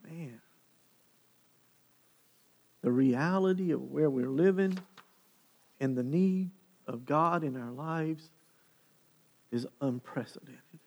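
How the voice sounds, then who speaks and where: A male pastor preaching a sermon, retelling a story with animated, dramatic delivery. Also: fairly high pitch, takes it slowly, gravelly, pauses often. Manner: animated, dramatic storytelling with sharp swings in loudness.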